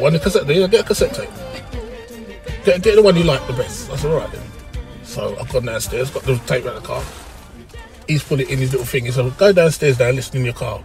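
A middle-aged man with a South London accent telling a long story in an interview, lively and quick to laugh and act out the voices. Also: fairly high pitch. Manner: animated, breaks into laughter and acts out voices. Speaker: interview guest, radio pioneer. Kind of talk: casual storytelling.

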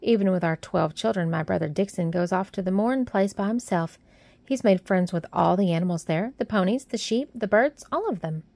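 A woman's voice: mid-range voice, fairly quick, creaky, a little mellow, dry recording. A woman voicing a cheerful, plump young Yorkshire housemaid who talks in a friendly, plain-spoken way. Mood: chatty.

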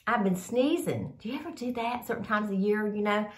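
Older woman, sniffly, rambling casual chat, mid-pitched voice, echoey room. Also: brisk. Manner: rambling, chatty, addresses viewers as y'all. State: sniffly with a cold. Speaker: vlogger sharing favorite products.

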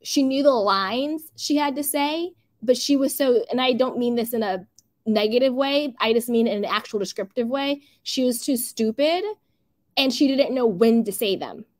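A woman's voice: a little high, moderate pace. A woman hosting a casual gossip livestream, chatty and opinionated, reading out chat comments and laughing often. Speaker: livestream host.

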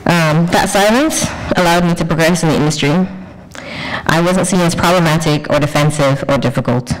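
A woman curator presenting a conference paper in a measured, poetic way, with deliberate pauses. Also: deep voice, poor audio. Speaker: curator and researcher.

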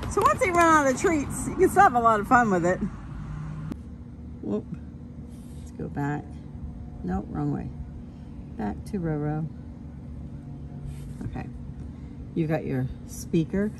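A woman in her thirties filming her dogs at home, animated and laughing often as she coaches children. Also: mid-range voice, a little slow, vocal fry, long pauses. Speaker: dog owner filming her pets. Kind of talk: casual home video narration. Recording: noisy home video recording.

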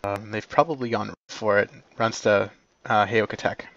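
Brief: male team commander on voice chat, halting orders, lo-fi dry recording. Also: fairly low pitch, steady tone, vocal fry, fairly bright tone, no room sound. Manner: hesitant, many ums and uhs. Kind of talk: giving orders in game voice chat. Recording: dull lo-fi voice chat.

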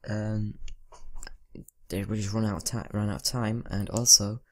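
A man's voice: lowish voice, flat delivery, normal speed, a little mellow. A teenage boy giving rambling, casual commentary over a video game, talking to himself and mumbling asides. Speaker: gaming channel host. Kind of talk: casual let's-play commentary.

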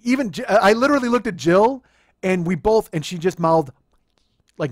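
A man in his fifties telling a funny story in a profane, animated way, laughing as he goes. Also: high voice, fast, no room sound, studio quality. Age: 50s. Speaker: podcast host. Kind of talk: comedic storytelling monologue.

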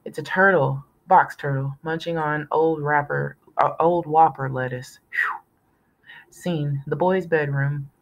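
A woman reading a novel aloud in a steady storytelling manner, now and then correcting herself. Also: sits low, a little slow, creaky, low-quality recording. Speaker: audiobook reader.

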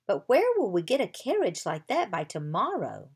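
A woman's voice: medium pitch, huge pitch swings, moderate pace, a little mellow, breathy edge, heavily acted. A woman reading as a polite young dragon trainer.

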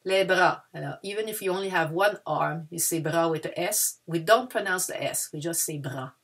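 Husky woman teaching to children. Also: on the low side, normal speed, fairly bright tone. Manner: patient, switches between English and French. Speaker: French teacher. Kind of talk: children's language lesson. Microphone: video lesson.

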